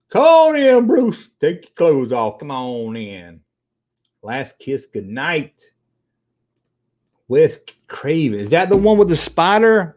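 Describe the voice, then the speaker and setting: A middle-aged man hosting a casual livestream, chatting with viewers in a rambling, profane way. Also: mid-range voice. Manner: animated and profane, rambling between tangents. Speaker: livestream host.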